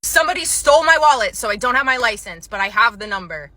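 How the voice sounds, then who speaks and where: A woman's voice: on the high side, fairly quick, bright, forceful tone, dry recording. A woman voicing an angry, entitled female customer who keeps insisting and complaining. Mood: insistent.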